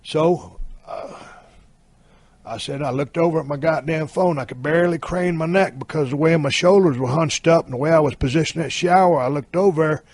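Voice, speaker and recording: A man's voice: fairly high pitch, normal speed, darkish tone, dry recording. A man in his fifties telling a story in a blunt, heavily profane, drawling way. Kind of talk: casual anecdote telling.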